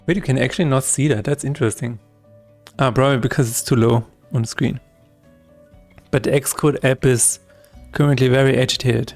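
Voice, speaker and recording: A man's voice: medium pitch, steady tone, a little fast, long pauses, darkish tone, soft background music. A man streaming his game development work, talking through each step aloud in a chatty, self-correcting way. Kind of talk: live-streamed coding chat.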